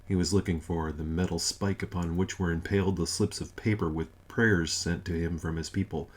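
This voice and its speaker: A man's voice: deep voice, steady tone, moderate pace, slightly rough. A man reading a comic novel aloud as narrator, with a dry, wry storytelling manner. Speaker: audiobook narrator.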